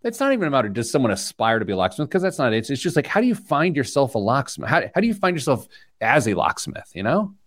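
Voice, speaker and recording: A man's voice: mid-range voice, fast, dry recording. A man hosting a radio show, telling stories and joking in casual chat from a studio. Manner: lively storytelling, joking. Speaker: host.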